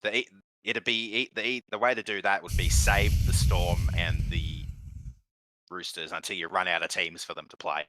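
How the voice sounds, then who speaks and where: A man's voice: low-pitched, fairly even intonation, normal speed, fairly bright tone, dry recording, poor audio. A man co-hosting a casual sports podcast, teasing and blunt in a wry way. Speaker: podcast co-host. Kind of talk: casual sports chat while watching a game.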